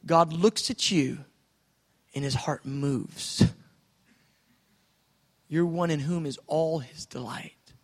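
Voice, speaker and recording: High-voiced male preacher, soft to shouting. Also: slow pace, long pauses, slightly rough, long reverb tail. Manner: swings from soft musing to loud excited outbursts. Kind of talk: sermon.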